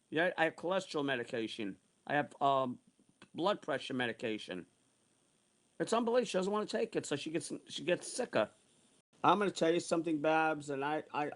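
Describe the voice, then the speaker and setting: A sixty-year-old man in a heated, profane rant, circling back over the same points again and again. His voice sits a little high for a man, and his delivery is worked up and insistent. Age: 60s. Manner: heated, repetitive, profane ranting. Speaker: online streamer. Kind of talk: angry ranting monologue.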